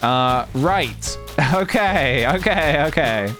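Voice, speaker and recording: A man's voice: a little high, animated, slow, fairly bright tone, faint music behind. Chatty man streaming a cozy game. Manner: chatty and meandering, laughing, humming tunes to himself. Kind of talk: casual gameplay livestream chat.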